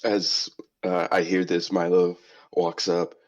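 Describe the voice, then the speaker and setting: Low-voiced guy at a dnd table, wry and chill, muffled lo-fi mic. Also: monotone, slow pace. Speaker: player. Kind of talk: casual tabletop play.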